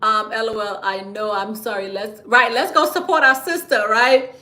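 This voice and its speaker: Talking casually to livestream viewers, a bright, high-voiced woman explains business credit with a playful, chatty manner and frequent laughter. She drops to a whisper to pass along tips, and her room has an echo.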